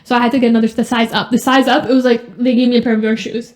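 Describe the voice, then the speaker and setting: A young woman co-hosting a casual sibling podcast, telling animated stories full of "like". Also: fairly high pitch, very fast. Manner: animated storytelling with lots of "like". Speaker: podcast co-host.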